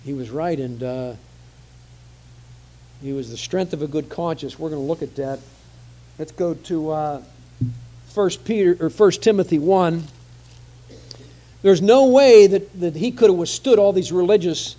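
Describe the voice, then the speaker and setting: A man's voice: fairly high pitch, unhurried, pauses often, dark tone. A man preaching a conversational sermon, often repeating phrases for emphasis.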